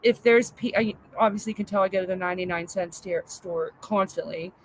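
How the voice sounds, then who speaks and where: A middle-aged woman chatting casually as co-host, telling animated stories about her home and family. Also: medium pitch, brisk, slight background noise. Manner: chatty, animated storyteller acting out her daughter. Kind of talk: casual chat.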